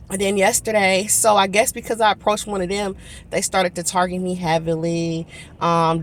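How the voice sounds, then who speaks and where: A woman telling viewers an animated storytime in a casual vlog. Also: mid-range voice, a little hiss or hum. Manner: animated, talking straight to viewers. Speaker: vlogger.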